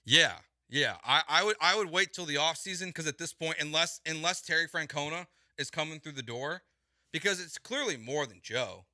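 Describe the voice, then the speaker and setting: Bright, emphatic male sports radio host. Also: a little high, brisk, no room sound, clean studio sound. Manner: emphatic, exasperated, repeats words for stress. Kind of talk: heated sports talk.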